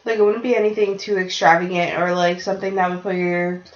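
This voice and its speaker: A woman's voice: fairly low pitch, fairly even intonation, quick pace. A young woman co-hosting a podcast, chatting loosely with swearing and easy laughs. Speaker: podcast co-host. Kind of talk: casual chat. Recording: roomy, dull lo-fi podcast sound.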